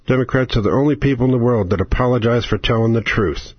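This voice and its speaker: A man's voice: medium pitch, quick pace, few pauses, husky, dry recording. A man hosting a talk radio show, ranting in an angry, sarcastic, exasperated way. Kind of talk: political radio rant. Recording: lo-fi, dry radio sound.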